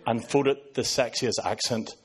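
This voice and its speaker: A man's voice: mid-range voice, steady tone, a little slow, loud music behind the voice. A man in his fifties from Northern Ireland with a Northern Irish accent, a pastor preaching to a live audience and cracking sarcastic jokes. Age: 50s. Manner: joking, sarcastic asides to an audience. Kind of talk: sermon.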